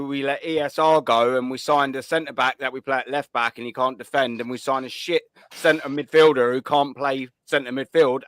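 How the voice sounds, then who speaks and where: Blunt, swearing host. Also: male voice, medium pitch, fairly bright tone, clean tone, no room sound, studio quality. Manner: blunt, swearing, laddish banter. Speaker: host of a call-in show. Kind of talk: casual live stream chat.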